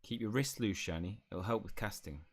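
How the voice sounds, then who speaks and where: A man reads out a young wizard who is the older brother, teasing and sure of himself. The voice sits very low and steady. The lines come in a calm, plain read from a fantasy game. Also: brisk. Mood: coaching.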